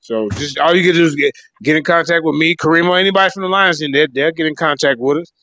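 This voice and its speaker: A man's voice: fairly high pitch, fast, bright, forceful tone, no room sound. A man hosting a casual online debate call, talking emphatically, often restarting his sentences and cutting in to steer the talk. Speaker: livestream debate show host. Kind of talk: casual online group chat. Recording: dull lo-fi online call audio.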